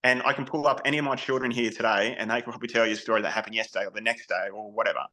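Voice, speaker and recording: Bright-voiced Australian man telling stories. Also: on the low side, fairly even intonation, rapid-fire, low-quality recording. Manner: candid, frank, frequent restarts. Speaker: podcast guest, army veteran. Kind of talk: casual interview storytelling.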